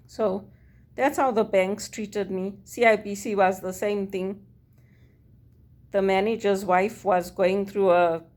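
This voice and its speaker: A woman's voice: mid-range voice, darkish tone. A woman from Zimbabwe, speaking in a personal monologue, earnest and weary as she recounts her experiences and quotes others. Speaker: vlogger.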